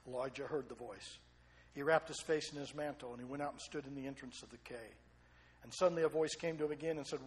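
A middle-aged male pastor preaching a sermon, swinging between loud excited storytelling and quiet, low asides. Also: quick pace.

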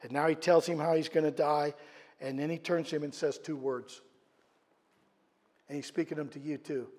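A man delivers a sermon in a fairly high, mellow voice. He builds to loud, emphatic peaks, then drops low and quiet. His words ring out with a long reverb from the church sanctuary. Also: a little fast. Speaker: pastor.

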